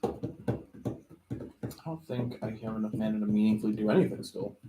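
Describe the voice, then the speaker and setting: A man's voice: lowish voice, normal speed. A man joking and teasing in a casual chat during a card game. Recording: echoey room, faint noise, card clicks.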